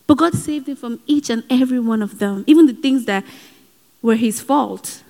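A woman preaches with earnest urgency, mixing exhortation with personal asides. Her voice sits high, and each phrase rings on in a large hall with long reverb. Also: moderate pace, gravelly, darkish tone. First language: not given. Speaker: speaker at a Christian gathering. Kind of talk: sermon.

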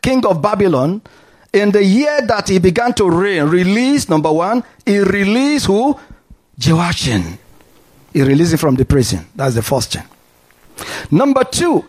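A high-pitched man preaching a sermon. His delivery is animated and full of call-and-response, rising and falling as he urges the congregation on.

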